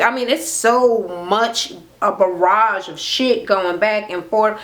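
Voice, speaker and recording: A woman talks straight to her camera, recapping a reality TV episode. She is blunt and sarcastic, and she swears constantly. Her voice sits in an ordinary middle pitch. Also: takes it slowly. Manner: blunt, sarcastic, heavy swearing, animated retelling. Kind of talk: casual profane recap rant. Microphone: camera mic.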